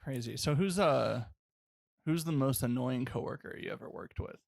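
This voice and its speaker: A man's voice: medium pitch, normal speed, gravelly, no room sound. A man hosting a casual podcast, asking questions and throwing in short, dry quips. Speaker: host.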